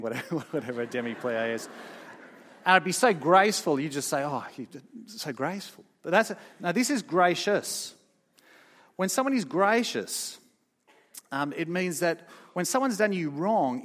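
Emphatic preacher with hall echo. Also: male voice, medium pitch. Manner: emphatic, storytelling, swings from loud to soft. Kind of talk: sermon. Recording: long hall reverb.

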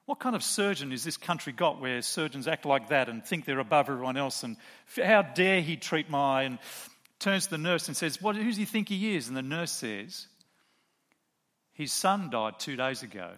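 A man's voice: mid-range voice, lively intonation, normal speed, a bit bright. A middle-aged man preaching a sermon, telling a story and asking rhetorical questions of the congregation.

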